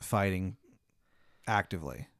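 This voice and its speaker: A man's voice: deep voice, lively intonation, a little slow, vocal fry, fairly bright tone, dry recording, clean studio sound. A man hosting a podcast, improvising a comic story in a rambling, hyperbolic and profane way.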